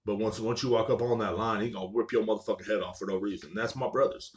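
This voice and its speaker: A man's voice: fairly low pitch, steady tone, fast. A young man hosting a casual solo podcast, telling rambling, profane stories full of "like" and "you know what I'm saying". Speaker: podcast host.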